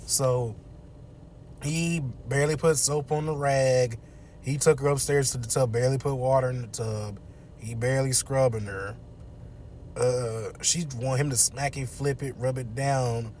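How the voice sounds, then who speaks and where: A man's voice: mid-range voice, fairly even intonation, a little slow, a little mellow, a little hiss or hum. A man casually recapping a movie from his car, laid-back and slangy with frequent chuckles.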